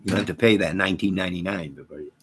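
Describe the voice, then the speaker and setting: A middle-aged man hosting a casual livestream, reading viewer comments aloud, rambling and joking deadpan with sudden loud outbursts. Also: rapid-fire, background noise. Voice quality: gravelly, husky low voice.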